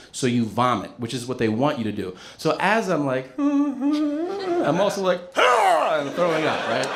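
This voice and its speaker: A man doing stand-up, telling a story in a lively, profane way and laughing as he goes. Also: mid-range voice. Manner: animated, profane, laughing through his story. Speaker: stand-up comedian.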